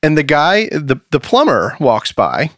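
A man hosting a podcast, telling stories in an animated way and laughing often. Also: a little high, unhurried, dry recording, studio quality. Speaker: podcast host. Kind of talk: casual conversation. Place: studio.

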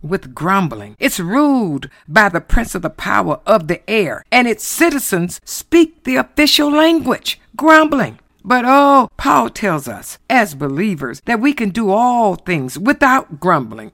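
Woman preaching, gravelly voice, pitch swoops up and down a lot, dry sound. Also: very animated, a little slow, few pauses, a bit bright, no echo. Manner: emphatic, swooping preacher cadence with exclamations. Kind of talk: sermon.

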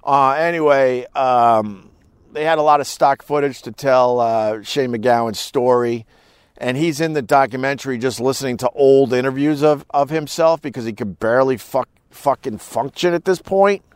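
A man's voice: medium pitch, normal speed, smooth, no room sound. A middle-aged man hosting a podcast, rambling through a casual live-stream monologue with wry, profane storytelling. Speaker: podcast host. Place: cold room, dry sound.

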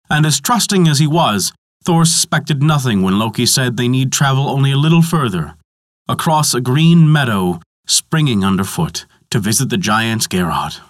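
A man narrating a mythology story in a measured, dramatic storytelling manner. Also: medium pitch, no echo, clean studio sound.

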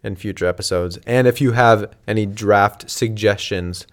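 A man's voice: on the low side, moderate pace. A man co-hosting a casual comedy podcast, upbeat and steering the conversation. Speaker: podcast co-host.

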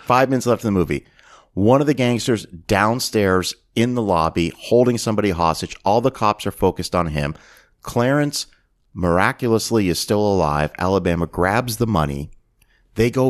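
A man's voice: on the low side, normal speed. A man hosting a podcast, animatedly retelling a film's plot in casual chat and acting out its lines. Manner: animated storytelling, acts out quotes. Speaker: podcast host. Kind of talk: casual movie recap.

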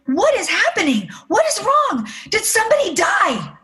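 A woman voicing her young daughter, pleading with her mother in a high, frantic voice. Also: wildly swooping pitch, normal speed, bright, forceful tone, exaggerated voice.

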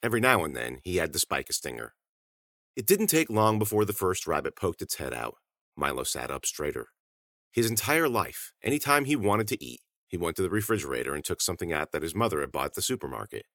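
A man reading scripted audiobook narration in animated, clipped sentences. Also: deep voice, fairly quick, dry recording, clean studio sound.

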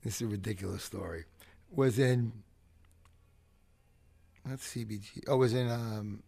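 New guy, gravelly voice, tells cursing animated stories on a podcast. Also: on the low side, a little slow. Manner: profane, animated storyteller. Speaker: podcast guest. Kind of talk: storytelling chat.

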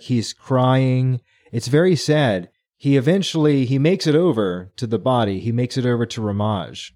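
A man's voice: medium pitch, normal speed, hardly any pauses. A man co-hosting a book podcast, eagerly retelling scenes and acting out the characters' lines. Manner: excited retelling with acted-out quotes. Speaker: podcast co-host. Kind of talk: casual book club chat.

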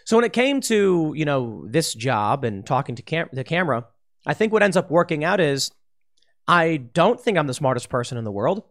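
A man with a slightly high voice talks straight to camera in a loose political monologue. He sounds restless, circling back over his words and restarting sentences as his thoughts run ahead. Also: very animated, moderate pace. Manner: restless, repeats and restarts phrases, mocking impressions. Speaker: political commentator.

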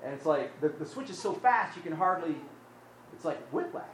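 In a poorly recorded conversational sermon with a little hiss or hum, a male pastor speaks at normal speed in a fairly high, animated voice. He often repeats words and poses rhetorical questions while his volume fades from full to quiet.

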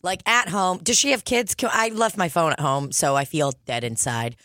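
Young woman co-host, low register, sweary and teasing, dry close mic. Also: normal speed, pushed and bright, no echo. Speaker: podcast co-host. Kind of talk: casual chat.

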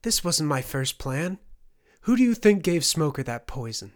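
A man's voice: medium pitch, fairly even intonation, normal speed, natural voice. Fay, a man voicing a scornful young woman. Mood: bitter. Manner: scornful, raised and strained. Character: young noblewoman, bitter, vengeful, afraid. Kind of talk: audiobook character reading.

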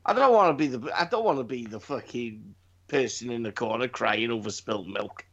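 A man's voice: mid-range voice, lively intonation, brisk, a bit bright. Profane ranting man. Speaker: podcast co-host. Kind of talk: casual chat. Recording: slightly dull lo-fi sound.

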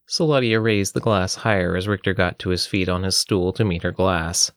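A man with a low voice narrates a fantasy tale at a steady, even pace. The recording is close and dry, with no room sound around him. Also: normal speed, hardly any pauses, no echo. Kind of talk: storybook narration.

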